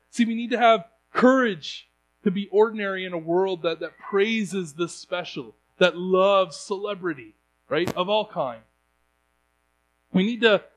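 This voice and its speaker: A man's voice: high voice, poor audio. A young man preaching a sermon in an earnest way, often restarting his sentences.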